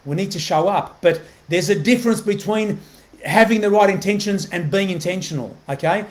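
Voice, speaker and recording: High-voiced earnest motivational man. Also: moderate pace. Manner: earnest, keeps asking "right?" to the viewer; repeats himself, many fillers and restarts. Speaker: motivational host. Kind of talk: motivational live video talk.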